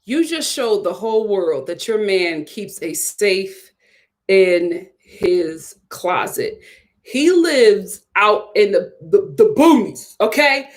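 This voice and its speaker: A woman's voice: medium pitch, sing-song, slow. A woman giving a casual, opinionated live review of a TV episode. She laughs often and acts out what people said. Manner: chatty and opinionated, acts out quotes in voices; laughs often while talking. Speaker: TV show reviewer.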